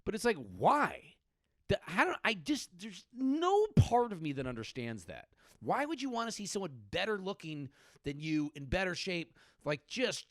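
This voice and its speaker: A man's voice: high voice, a bit bright, no echo, studio quality. A man in his late thirties, a comedian and podcast host, telling crude, rambling stories with sudden outbursts. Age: late 30s.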